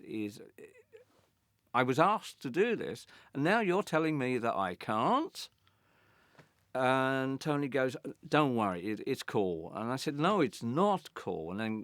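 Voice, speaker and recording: An older man recounting a backstage story in an interview, animated, acting out the others' lines and often stammering into restarts. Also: mid-range voice, dry recording, clean studio sound. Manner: animated, acts out quoted voices, stammering restarts. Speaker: interviewee, former band guitarist.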